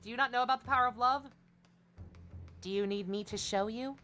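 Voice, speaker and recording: A woman's voice: fairly high pitch, a little fast, bright, forceful tone, soft background music. A woman hosting a let's play, reading game dialogue and tossing in sarcastic, playful asides.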